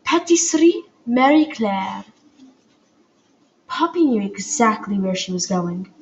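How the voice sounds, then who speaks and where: A woman with a medium-pitched, very animated voice reads an audiobook aloud at a slow pace as amateur narration. She sounds hesitant, using fillers and making small slips, and the home recording is dull and lo-fi with faint hiss.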